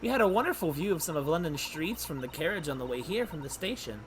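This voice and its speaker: A man's voice: a little high, animated, quick pace, slight background noise, lightly acted. A man voicing a nervous, hesitant young male law student from a story game, stumbling politely through his lines. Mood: earnest. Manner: flustered, hesitant.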